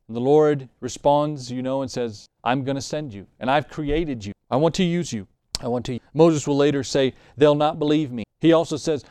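A man's voice: mid-range voice, brisk, a little mellow, clear, resonant tone, dry recording. A man preaching a sermon in a conversational way, reading scripture and acting out what the Bible figures say. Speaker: pastor.

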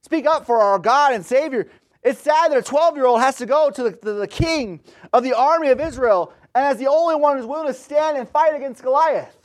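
A man's voice: very high voice, brisk. A man in his thirties preaching a sermon, telling stories in a conversational way and retelling scripture in casual slang. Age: 30s.

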